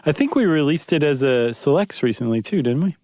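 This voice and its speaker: Playful higher-voiced man, podcast host. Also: animated, brisk, darkish tone, dry recording, studio quality. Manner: playful, jokey, acts out quotes in put-on voices. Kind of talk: casual conversational podcast chat.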